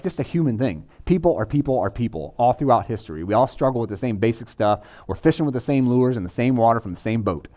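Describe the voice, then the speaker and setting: Speaking in a relaxed, chatty way from the pulpit, this male pastor drops informal remarks to the people in the pews. The voice is medium in pitch and a touch mellow.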